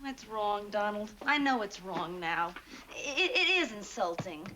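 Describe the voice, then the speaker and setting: An actress playing an earnest, stammering young actress in a 1960s sitcom. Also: female voice, mid-range voice, lively intonation, measured pace, sharp tone, a little hiss or hum. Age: young adult.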